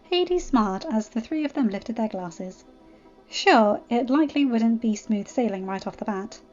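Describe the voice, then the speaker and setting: A woman host narrating fan fiction aloud, turning bubbly and chatty when she talks to her viewers. Her voice sits fairly high. The recording is dull and lo-fi, with faint music behind. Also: animated, moderate pace, a little mellow. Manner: bubbly and enthusiastic in asides. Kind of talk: storybook narration, chatty outro.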